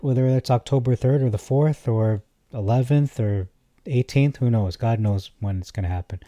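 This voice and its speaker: A man's voice: medium pitch, moderate pace, no echo. A man hosting a stock market video, talking casually through numbers and reading viewer comments with exasperated asides. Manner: animated, exasperated asides, thinks aloud with fillers.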